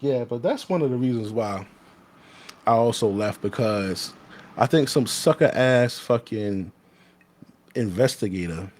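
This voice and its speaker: A man's voice: medium pitch, animated, unhurried, long pauses, a little mellow. A man, a former corrections officer telling a story in casual, blunt, profane talk that often restarts mid-sentence.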